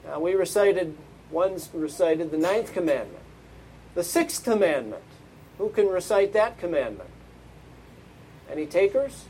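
A male pastor delivers a sermon in a notably high voice. He speaks slowly and deliberately, pressing his listeners with emphatic rhetorical questions. Each phrase is given time to land. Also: very animated, dark tone, a little hiss or hum, poor audio.

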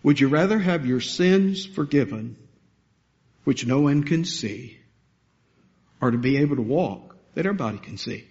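A man preaching a sermon, animated and rising to emphatic peaks as he builds his points. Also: mid-range voice, normal speed, long pauses, lo-fi sound. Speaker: pastor.

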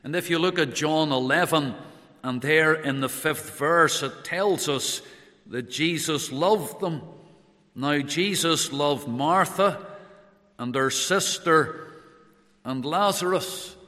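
A man preaching a sermon slowly and in a measured way, quoting Bible verses in old English. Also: fairly high pitch, pushed and bright, big-room sound.

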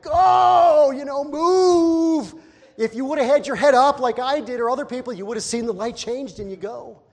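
A man preaching a sermon, lively and self-deprecating, who laughs at himself and bursts into loud exasperated asides. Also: in a large hall. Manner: animated, acting out exasperated quotes with sudden loud high outbursts; laughs at himself while talking. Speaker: pastor.

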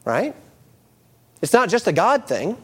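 A middle-aged male pastor preaching a sermon, moving from quoted scripture into lively storytelling. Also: fairly high pitch, moderate pace.

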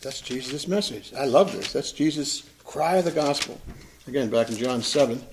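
A man preaching a sermon, reading scripture aloud with rising force and dropping to a low, quiet voice for his own asides. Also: background noise. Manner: swells loud and slows when reading scripture, drops low and quiet on asides. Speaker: pastor.

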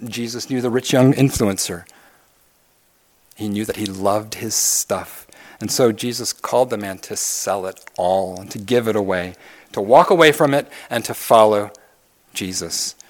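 A male pastor delivering a sermon, moving between loud emphatic calls and hushed, near-whispered lines. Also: lowish voice, a little slow.

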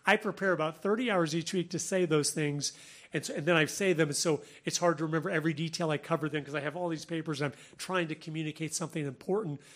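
A man hosting a Christian talk show, speaking earnestly, laughing often and quoting people in lively voices. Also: a little high, fast talker. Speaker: Christian podcast host. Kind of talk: religious commentary, conversational.

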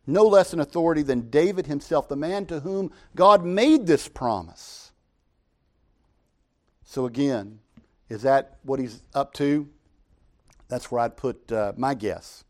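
A man's voice: a little high, expressive, measured pace, darkish tone. A middle-aged male pastor delivers an expository sermon in an easy, conversational way. He keeps asking rhetorical questions and answering them himself, reasoning aloud with his listeners.

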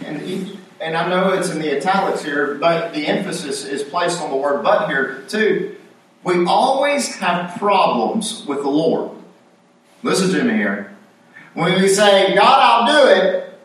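A man's voice: high voice, big pitch swings, measured pace, pauses often, fairly bright tone. A man preaching a sermon in a conversational style, acting out quoted lines with rising emphasis. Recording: very echoey room, voice from a distance.

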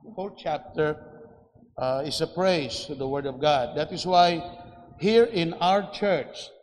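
A man preaching a sermon in a church, slow and deliberate, with frequent restarts and fillers. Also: on the high side. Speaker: pastor. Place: church sanctuary. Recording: echoey church hall.

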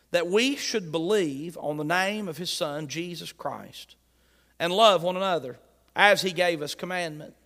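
A high-voiced man delivers an emphatic sermon. He reads scripture aloud and keeps coming back to key phrases. His words echo with a long church-hall reverb. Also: bright, forceful tone. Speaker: pastor.

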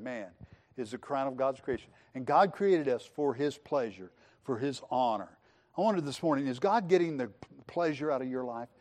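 Higher-voiced man preaching a sermon. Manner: reads scripture slowly and low, then preaches with rising fervor; folksy and conversational, with restarts. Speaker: pastor. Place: church sanctuary.

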